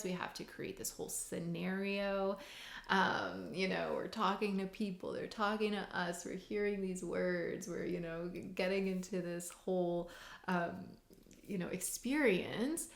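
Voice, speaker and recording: A woman hypnotherapist and mindset coach teaching in a casual, chatty way, full of "like" and "you know". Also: mid-range voice. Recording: roomy echo.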